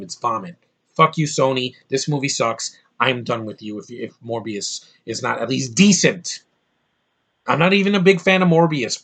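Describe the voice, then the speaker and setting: A man's voice: medium pitch, sharp tone, slightly rough. A man delivering an angry, profane movie review rant, exasperated and repeating himself when worked up.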